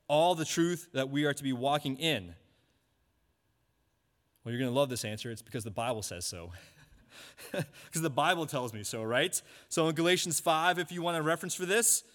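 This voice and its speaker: A man preaching a sermon, asking rhetorical questions and repeating key points slowly. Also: fairly high pitch, fairly bright tone. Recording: long hall reverb.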